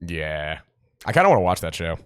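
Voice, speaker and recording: Brief: podcast co-host, deep voice that swings a lot, rambling and enthusiastic. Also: male voice, very animated, brisk, clean tone. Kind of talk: casual chat.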